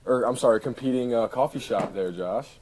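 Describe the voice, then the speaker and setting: A laid-back man chatting as a podcast co-host, trading joking asides with his friends. His voice sits at a middling pitch, and clear crowd chatter carries in the background. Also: brisk. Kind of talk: casual podcast chat.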